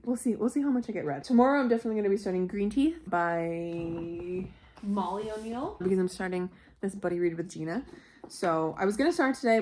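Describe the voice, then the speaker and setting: A Canadian woman, an author and book vlogger, talking in a chatty, animated way and swearing casually. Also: medium pitch. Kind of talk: casual vlog talk.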